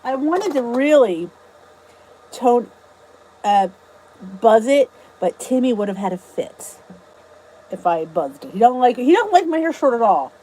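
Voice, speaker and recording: With big pitch swings and frequent pauses, a middle-aged American woman speaks at a measured pace in a slightly rough, dark voice pitched a little high. She is a bubbly, chatty YouTube host with a US accent, greeting viewers and reading their comments during a casual livestream from her home. A phone or camera on a stand records her, and the audio is poor.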